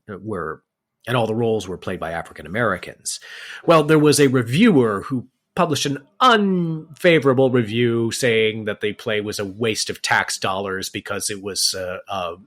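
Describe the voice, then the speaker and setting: A man teaching in a podcast lecture, explaining step by step and often pausing with fillers and correcting himself. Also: fairly low pitch, fairly bright tone.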